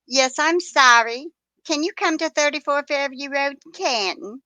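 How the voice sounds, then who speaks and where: A breathless, urgent woman caller pleads for help on an emergency line in a pitch well above her usual voice, as a woman puts her on. She sounds frantic and apologetic. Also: very animated, slow, pushed and bright, dry recording, full character voice.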